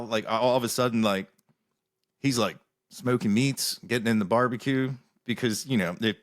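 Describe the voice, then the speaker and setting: Easygoing podcast host, halting speech. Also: male voice, on the low side. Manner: easygoing, halting, searches for words. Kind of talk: casual podcast chat.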